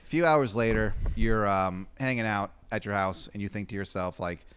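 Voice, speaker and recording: A man running a comedic improvised story game in a rambling, deadpan way, swearing casually. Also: on the low side, normal speed, slight background noise. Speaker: game master.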